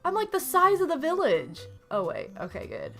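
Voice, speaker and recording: A woman's voice: sits high, wildly swooping pitch, moderate pace, vocal fry, a bit bright, faint music behind. A woman in her thirties streaming a retro game, chatting casually, gushing and reading game text aloud. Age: 30s. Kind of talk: casual gameplay commentary.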